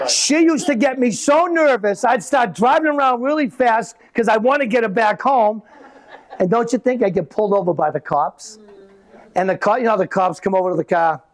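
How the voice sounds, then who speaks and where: A man doing a live stand-up comedy set, telling stories in an animated way with quick asides. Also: sits high. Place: live comedy venue with audience.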